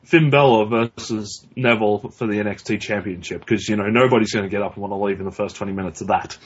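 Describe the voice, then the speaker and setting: A man's voice: fairly low pitch, fast, breathy edge. A man co-hosting a podcast in casual chat, blunt and profane, rambling with restarts. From Australia. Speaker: podcast co-host. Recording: dull lo-fi recording.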